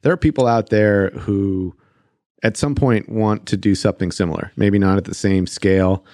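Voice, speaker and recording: A man's voice: on the low side, steady tone, moderate pace, a little mellow, no echo, studio quality. A man hosting an interview, asking long questions with hesitant repeated words. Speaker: podcast host.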